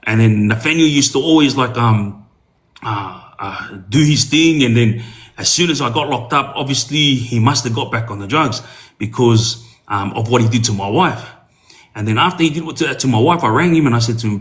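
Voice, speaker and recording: Speaking straight to younger listeners, this man shares a personal story as a podcast guest, earnest and casual, stopping and restarting often. His voice sits mid-range, animated, at a moderate pace with a fairly bright tone.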